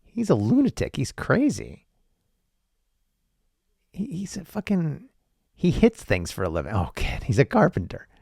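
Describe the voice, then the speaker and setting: A shrill, scoffing gossip, as a man puts one on, sputters in teasing disbelief. The voice jumps high above the performer's own. A gravelly edge stays under it, and it sounds close and dry. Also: wildly swooping pitch, unhurried, long pauses, darkish tone, no room sound, full character voice. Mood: mocking. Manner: incredulous, teasing, stammering.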